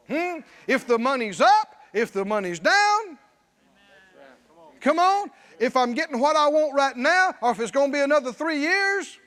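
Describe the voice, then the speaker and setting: A man preaching a sermon, emphatic, at times shouting and at times dropping low. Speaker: pastor.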